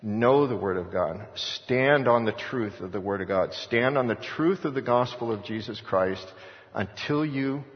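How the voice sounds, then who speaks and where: A man's voice: mid-range voice, unhurried. A middle-aged man preaching a sermon as pastor, telling a story and exhorting with emphatic repetition. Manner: storytelling with acted-out voices of others. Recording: echoey hall, dull lo-fi sound.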